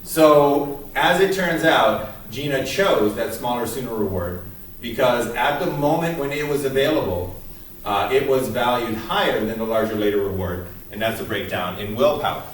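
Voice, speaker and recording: A man with an expressive, medium-pitched voice talks through a college psychology lecture at normal speed, loose and chatty with many fillers, recounting scenes with quoted lines. The recording is very roomy and echoing, his voice distant from the mic over a faint hiss.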